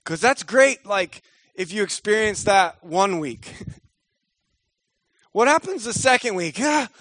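A man's voice: high-pitched, lively intonation, slow pace, fairly bright tone, no room sound. A young man preaching a sermon in a casual, joking manner, slipping into quoted voices. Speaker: pastor.

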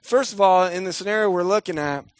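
Man, young adult, pastor, sermon, casual and joking, high-pitched, dry close sound. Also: fast talker, no room sound. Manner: casual and joking, acts out voices in quotes.

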